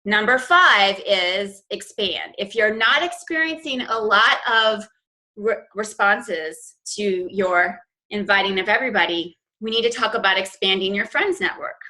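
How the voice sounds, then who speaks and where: A woman's voice: mid-range voice, unhurried, pushed and bright, rough recording. A woman coach giving a chatty, informal training talk to her team, with plenty of fillers and restarts. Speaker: fitness business coach.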